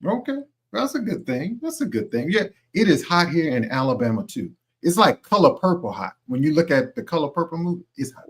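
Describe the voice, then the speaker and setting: A man hosts a casual radio chat, his pitch bouncing lively and a little high for a man. He talks loosely and leans on "you know" between thoughts. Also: brisk, few pauses, slightly rough. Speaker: radio show host.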